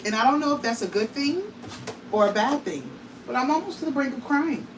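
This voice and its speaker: A woman's voice: sits high, expressive, a little fast, recorded from a distance, background noise. A woman vlogging casually from her home kitchen, talking straight to her viewers in a tired, emotional way. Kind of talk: casual vlog talk to viewers.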